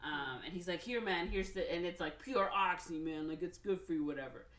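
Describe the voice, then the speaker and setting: A woman podcast host casually retelling a film's plot, slipping into quick voices for each character. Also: lowish voice, fairly bright tone. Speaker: podcast host recapping a film. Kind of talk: casual chat. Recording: echoey room, somewhat far from mic.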